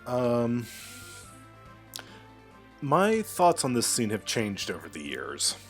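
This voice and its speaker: A man's voice: mid-range voice, huge pitch swings, slow, faint music behind. A man giving casual game commentary, hesitant and full of ums. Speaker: let's play commentator.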